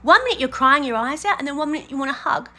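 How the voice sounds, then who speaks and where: Young female commentator, high and bright, blunt scolding rant. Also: animated, quick pace. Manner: blunt, scolding, addresses the contestant directly. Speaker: reaction commentator. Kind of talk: ranting reality show commentary.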